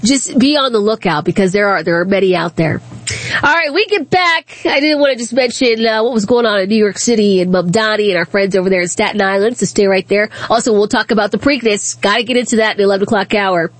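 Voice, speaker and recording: This talk radio host speaks quickly in a mid-range voice, her studio microphone capturing no echo. She laughs easily while telling a story in a chatty, casual monologue.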